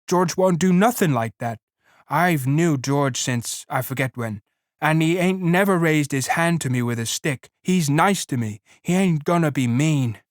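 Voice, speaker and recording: A man's voice: on the high side, moderate pace, no echo, clean studio sound, close to an everyday voice. Man doing a frightened childlike farmhand. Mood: frantic. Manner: pleading, childlike rural drawl. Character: simple-minded giant farmhand, childlike and fearful.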